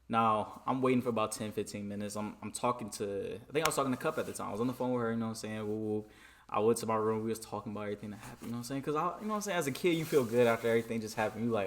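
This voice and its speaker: Man, from Michigan, casual storytime vlog, animated, re-enacts dialogue. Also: medium pitch, quick pace, a little hiss or hum. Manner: animated, keeps repeating "you know what I'm saying".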